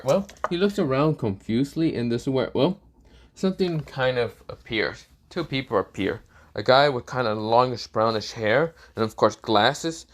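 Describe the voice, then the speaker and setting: A man's voice: mid-range voice, fairly bright tone. Rambling male storyteller. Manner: rambling, full of fillers. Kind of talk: casual retelling of a fan story.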